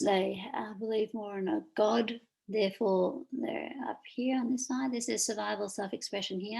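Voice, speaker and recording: A woman's voice: mid-range voice, vocal fry, a little mellow, rough recording. A woman with an Australian accent teaching a recorded lesson over slides, informal and full of fillers.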